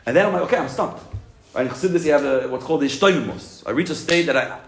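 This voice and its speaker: Animated man teaching in an echoey room. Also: a little high, very fast, faint music behind. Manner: animated, acts out "I got it" moments, asks and answers himself. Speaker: Torah teacher. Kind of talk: Chassidus class lecture.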